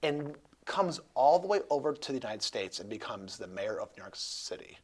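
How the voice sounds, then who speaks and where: A man hosts a relaxed talk interview in a husky voice. He rambles, restarts his sentences and jokes around as he goes. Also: medium pitch, normal speed. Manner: rambling, jokey, many restarts. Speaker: host. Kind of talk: casual interview chat.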